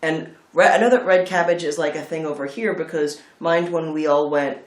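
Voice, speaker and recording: A man's voice: fairly high pitch, steady tone, moderate pace, echoey room. A man hosting a casual film chat, rambling through tangents and swearing freely. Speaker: film review host.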